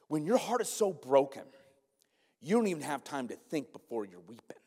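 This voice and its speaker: A man preaching a sermon in a church, animated and emphatic, often turning to the congregation with asides. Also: on the high side, quick pace. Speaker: pastor. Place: church sanctuary. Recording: long church-hall reverb.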